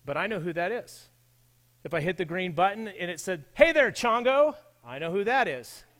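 Man, pastor, sermon, chatty, addresses listeners, slightly higher voice. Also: animated, fairly quick, a bit bright. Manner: conversational, addresses the audience directly.

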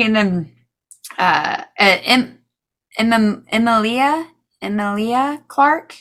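A woman from the United States chats as a podcast co-host, excitable and exclamatory, often breaking into laughter. Her voice sits in an ordinary middle pitch. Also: normal speed. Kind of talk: casual chat.

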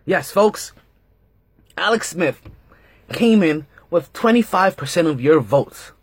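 A man with a husky, fairly high voice hosts a sports podcast in a loose, chatty way. His pitch leaps up and down as he repeats himself and throws in jokes. The sound is dry and close. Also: slow pace, dry recording. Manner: animated, repeats himself, jokey asides. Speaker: podcast host. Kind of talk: casual sports podcast monologue.

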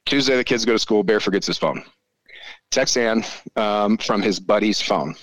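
A man, probably in his forties, telling a story in a casual chat, animated and full of swearing. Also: fairly low pitch, moderate pace, no echo, rough recording. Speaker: podcast guest.

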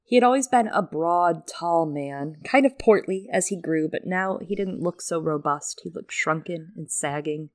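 A woman's voice: fairly low pitch, normal speed, few pauses. A woman co-hosting a casual book podcast, summarizing chapters with swearing and frequent laughter. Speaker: podcast co-host.

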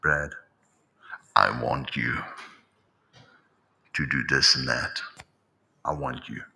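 A man putting on a deep, theatrical voice of a divine male figure calling out, in a mock-grand, slow manner. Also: fairly even intonation, gravelly, bright, forceful tone, exaggerated voice. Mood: solemn.

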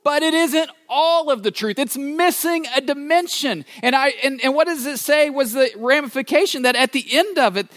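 Guy pastor preaching, kinda high voice, lively storyteller, goes loud then quiet, dry close sound. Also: normal speed, few pauses, no room sound. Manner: storytelling with playful acted-out asides; animated, shifting between loud and soft. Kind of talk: sermon.

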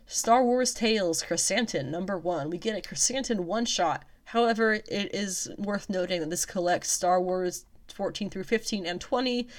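A woman's voice: medium pitch, normal speed, few pauses. A woman casually reading out upcoming comic releases, with chatty, wry asides between listings. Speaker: comics news vlogger.

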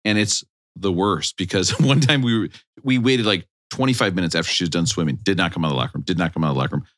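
Middle-aged male podcast co-host, rapid storyteller, dry close sound. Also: deep voice, no echo. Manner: animated anecdotes, acts out quoted lines. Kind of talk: casual chat, storytelling.

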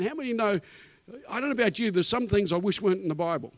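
High-voiced emphatic New preacher. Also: male voice, animated, fast, no echo. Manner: emphatic, repetitive preaching cadence with asides. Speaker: guest preacher. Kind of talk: sermon. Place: church.

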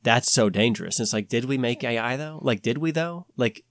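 A man hosting a podcast, talking in a rambling, animated way with many restarts. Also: medium pitch, a little fast, dry recording, clean studio sound. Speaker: podcast host. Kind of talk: casual podcast chat.

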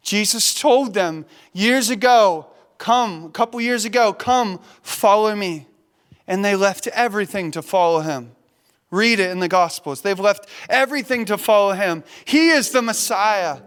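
A man's voice: sits high, normal speed, fairly bright tone, clear, resonant tone. A man preaching a sermon as a pastor, impassioned, repeating words as he builds to emphasis. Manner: impassioned, repeats words, voices the disciples' despair.

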